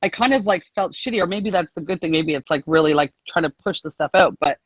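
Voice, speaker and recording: A woman's voice: lowish voice, fast talker, breathy edge, no echo, dull audio. A woman guest on a casual live call, telling her story in a chatty, rambling way, full of "like"s and laughter. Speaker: guest sharing a success story.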